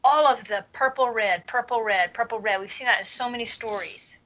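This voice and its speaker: Bright-voiced woman on a dull lo-fi recording. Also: fairly high pitch, brisk. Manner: engaged, pointing out details. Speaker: discussion participant. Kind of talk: book discussion podcast. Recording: dull lo-fi sound.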